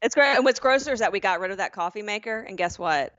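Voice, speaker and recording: A woman's voice: mid-range voice, lively intonation, fairly bright tone, no room sound. Joking woman, slightly muffled sound. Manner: joking, quick banter, laughs often. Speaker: podcast co-host. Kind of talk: casual chat.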